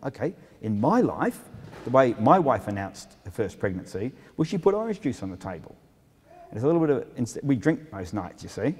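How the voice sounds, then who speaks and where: A man's voice: lowish voice, darkish tone. A middle-aged man, an author giving a humorous talk to an audience, self-mocking and full of asides. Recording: long hall reverb.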